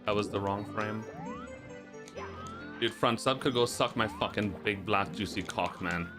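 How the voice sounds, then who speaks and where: A man's voice: lowish voice, unhurried. A man streaming a speedrun, talking himself through his mistakes and swearing at the game. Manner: swearing, frustrated self-talk. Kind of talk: live gameplay commentary. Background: music.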